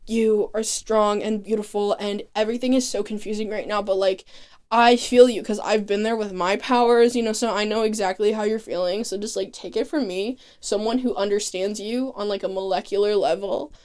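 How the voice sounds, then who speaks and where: A woman's voice: medium pitch, steady tone, fairly quick, darkish tone, natural voice. A woman voicing a sweet young man who talks in a soothing, rambling way. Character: gentle, sweet young man comforting a friend.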